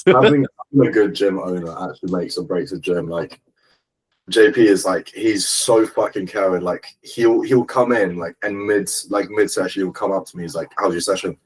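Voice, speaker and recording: A young man with a very deep, husky voice tells a rambling story in casual chat. He leans hard on "like", swears freely and keeps circling back to his point. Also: normal speed, a little mellow, rough recording. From London. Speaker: podcast co-host.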